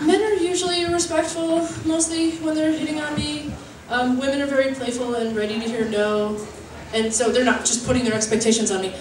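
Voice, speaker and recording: A young woman doing a stand-up comedy set with a halting, chatty delivery full of fillers, often laughing at her own jokes. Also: a little high, background noise. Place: comedy venue stage. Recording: roomy live-venue sound from a distance.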